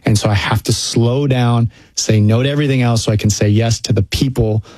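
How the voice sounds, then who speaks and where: A man's voice: medium pitch, fairly even intonation, a little fast, darkish tone, dry recording. A man co-hosting a faith-based conversation about parenting, earnest and reflective, laying out his points one by one.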